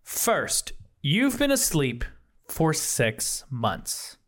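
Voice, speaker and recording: A man narrating a tabletop game as game master, talking in a rambling, excitable, slangy way. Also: a little high, extremely slow.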